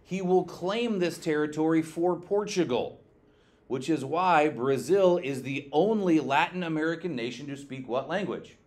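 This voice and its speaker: A male teacher giving a classroom lecture, lively, quizzing his students and checking in with "okay" often. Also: on the high side, normal speed.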